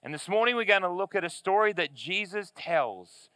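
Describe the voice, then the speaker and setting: A pastor preaching a sermon in church, reading scripture aloud and explaining it in an earnest, emphatic way with deliberate pauses. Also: male voice, sits high, lively intonation, sharp tone, no echo. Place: church service in front of a screen.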